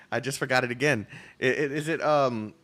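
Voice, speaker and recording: A man's voice: mid-range voice, measured pace, a bit bright. A man streaming a game, reading its dialogue aloud, tripping over words and laughing at himself between loose, joking banter.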